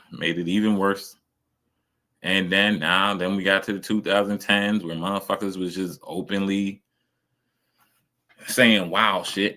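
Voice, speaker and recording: A man's voice: deep voice, bright, forceful tone. A man streaming casual reaction commentary, ranting emphatically and swearing a lot.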